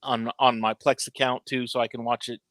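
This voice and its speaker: A man co-hosting a casual movie chat, telling stories in an animated, rambling way. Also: medium pitch, fairly quick, dry recording. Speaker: podcast co-host.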